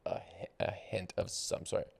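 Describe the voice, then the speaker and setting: A man's voice: unhurried, darkish tone. A man co-hosting a casual podcast chat, from Detroit, groping for answers with hesitant fillers. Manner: hesitant, searching guesses with many fillers. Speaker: co-host.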